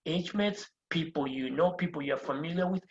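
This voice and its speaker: A patient teacher walks through a beginner lesson at a board, repeating each phrase and spelling words out letter by letter. The voice sits at a middling pitch. The recording is roomy and a little dull, like a lo-fi classroom capture. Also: normal speed. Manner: patient, explaining step by step. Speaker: Spanish teacher.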